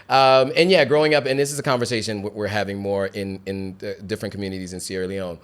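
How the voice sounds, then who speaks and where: An American man speaks as an interview guest in a lowish voice. He lays out his thoughts calmly and reflectively. He steadily affirms the host between his own points. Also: quick pace, few pauses, clean tone. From United States. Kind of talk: casual interview chat.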